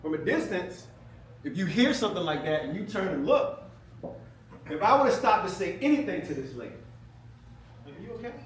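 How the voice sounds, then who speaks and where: A man with a high, very lively voice tells playful stories to an audience, laughing easily and shouting out the quoted lines. He sounds middle-aged and is picked up from across a big, echoing hall. Clear room noise hangs under his voice. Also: a little fast. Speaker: speaker at an event. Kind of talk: animated storytelling speech. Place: event hall with a live audience. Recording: echoey room from far off, noisy.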